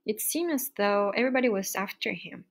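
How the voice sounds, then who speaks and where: A woman's voice: medium pitch, lively intonation, fairly quick, creaky. Woman reading a children's story aloud.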